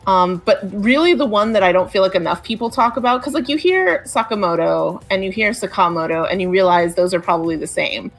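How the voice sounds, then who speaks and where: A woman's voice: mid-range voice, expressive, brisk, few pauses, faint music behind. A woman co-hosting a game stream, rambling casually with many fillers. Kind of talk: casual gameplay chat.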